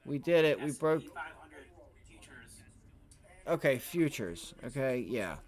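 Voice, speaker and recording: A man streaming live from home, giving excitable, profane trading commentary while talking to himself and his viewers. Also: on the high side, unhurried, pauses often. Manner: excitable, swears, talks to himself and chat. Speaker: livestream day trader.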